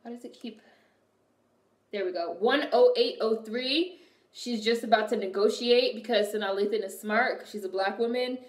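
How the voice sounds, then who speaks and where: A young woman streaming and chatting casually with her viewers, telling animated stories full of swearing. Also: on the high side, moderate pace. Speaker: streamer reacting to a movie and reading chat. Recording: echoey room.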